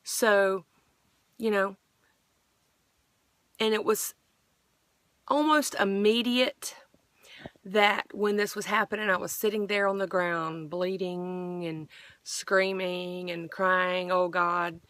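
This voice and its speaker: A woman's voice: mid-range voice, steady tone, slow pace, pauses often, fairly bright tone, no echo. A middle-aged woman earnestly sharing a personal faith testimony, rambling with frequent restarts.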